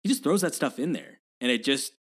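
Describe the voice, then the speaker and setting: A man chats about films on a casual podcast, his voice sitting at an ordinary mid pitch. He talks with eager enthusiasm, rambling through many fillers and restarts. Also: lively intonation, a little fast, husky. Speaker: podcast co-host. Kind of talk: casual movie discussion.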